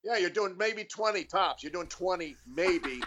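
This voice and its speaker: A man's voice: sits high, animated, normal speed, background noise. A man, a comedian guest on a podcast, riffing playfully in casual banter. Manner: playful, riffs on comic ideas.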